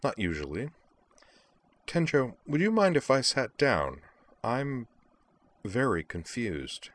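A man voicing a composed, dry-witted young woman in a storybook reading, calm and measured. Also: mid-range voice, pitched above the performer's own voice.

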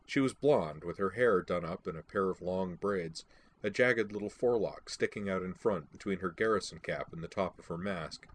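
A man's voice: sits low, normal speed, slight background noise. A man reading a first-person audiobook, telling the story in a wry, dry-humored way.

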